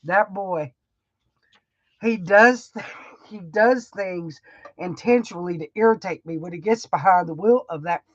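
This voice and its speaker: A woman's voice: lowish voice, a little slow, dry recording, dull audio. A middle-aged woman, chatting on her own livestream in a rambling, emotional, folksy way and laughing often. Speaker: livestream host. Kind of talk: casual heartfelt livestream chat.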